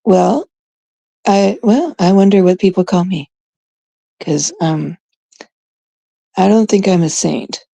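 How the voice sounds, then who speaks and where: A woman from Canada talks to her viewers in a loose, rambling chat, slowing down and sometimes dropping to a hush. Her voice is gravelly and mellow. The sound is dry and close, with no room echo. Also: lowish voice. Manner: chatty, rambling, drops into hushed asides. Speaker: streamer chatting with viewers. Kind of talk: casual chat.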